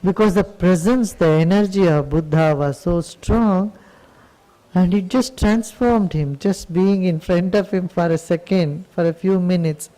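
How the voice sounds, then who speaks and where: A man teaching on spiritual matters, telling a story with gentle patience. His voice sits high for a man and has a mellow, warm tone. He speaks slowly and lets each phrase settle. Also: rough recording.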